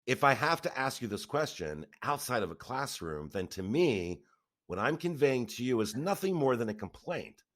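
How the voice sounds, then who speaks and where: Man podcast co-host, reflective and chuckling, with a wide-ranging pitch. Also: very animated, moderate pace, fairly bright tone. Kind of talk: casual chat.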